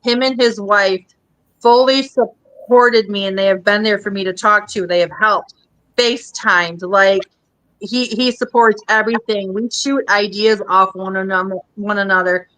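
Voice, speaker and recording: Midwest lady w/ minnesota accent, chatty and rambly, bright voice. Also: mid-range voice, fairly even intonation, measured pace. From American Midwest. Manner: chatty, rambling, frequent fillers. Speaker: podcast host. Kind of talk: casual chat.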